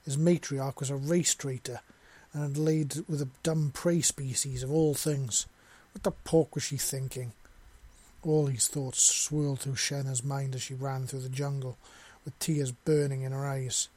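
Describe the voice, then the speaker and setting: A man narrating a science fiction story in a steady, plain reading voice. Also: medium pitch, a little slow.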